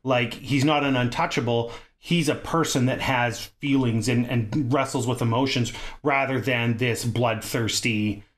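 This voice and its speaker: Animated, swearing man on a podcast. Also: medium pitch. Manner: animated, swears freely, quick to laugh. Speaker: podcast co-host. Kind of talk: casual chat.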